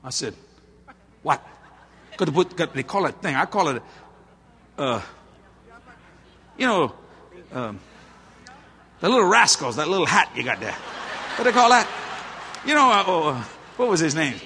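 A middle-aged man preaching a storytelling sermon, folksy and animated, laughing at his own stories. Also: fairly high pitch, normal speed, long pauses, slight background noise.

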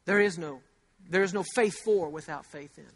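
High-pitched male preacher, chatty sermon delivery, drives points home with slow repeated lines. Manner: repeats key phrases slowly for emphasis; conversational, with rhetorical questions. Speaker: pastor.

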